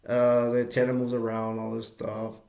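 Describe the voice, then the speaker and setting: A man's voice: medium pitch, monotone, moderate pace, vocal fry, darkish tone, reverberant. A man reviewing a movie in a casual, rambling way, with many fillers and restarts as he retells scenes.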